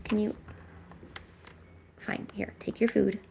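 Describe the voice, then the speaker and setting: A woman hosting a livestream, chatting casually and coaxing her cats with high, sing-song pet talk at home. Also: level tone, slow pace, creaky, darkish tone, whispered. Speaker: livestream host. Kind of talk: casual chat to her cats during a stream. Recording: echoey room with faint hiss.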